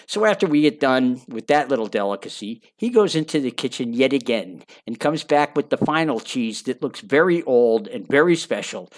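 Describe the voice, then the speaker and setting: A man's voice: mid-range voice, expressive, moderate pace, hardly any pauses. A man narrating his own memoir in a conversational way, with wry asides and phrases repeated for emphasis.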